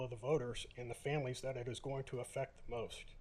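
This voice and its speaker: A man's voice: medium pitch, little pitch movement, fast talker, few pauses, darkish tone. A middle-aged man, holding back tears, giving plainspoken public comment at a city council podium. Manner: plainspoken, emotional, many uhs.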